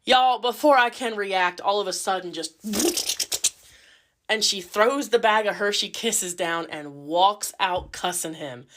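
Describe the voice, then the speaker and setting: A woman caregiver telling a story in a casual, lively and cheeky way, cussing freely. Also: medium pitch, slow, slight background noise.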